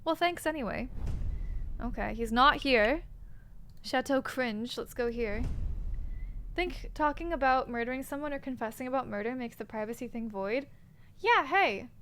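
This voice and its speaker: A woman's voice: a little high, moderate pace, fairly bright tone, slight background noise. A woman streaming a game, thinking aloud and joking in casual commentary.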